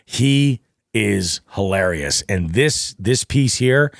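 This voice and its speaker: A man hosting a podcast in casual chat, enthusiastic and quick to laugh. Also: lowish voice, animated, gravelly, no room sound, studio quality. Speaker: podcast host. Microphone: studio dynamic mic.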